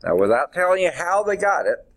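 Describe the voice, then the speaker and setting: A man teaching a math class in a classroom, talking deliberately and drawing out his words as he writes on the board. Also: high voice, sing-song, a bit bright. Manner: deliberate, stretches words while writing on the board. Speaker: math instructor. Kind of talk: classroom lecture.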